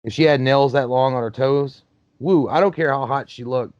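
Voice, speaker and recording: A man's voice: mid-range voice, moderate pace, darkish tone, dry recording. A man talks through a movie in a loose, profane, joking way, riffing on what is on screen. His voice sits in the middle range. The recording is dry and a little dull, as if made on a basic home mic. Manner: profane, joking, riffs on the film. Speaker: movie commentary host. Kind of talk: casual movie commentary.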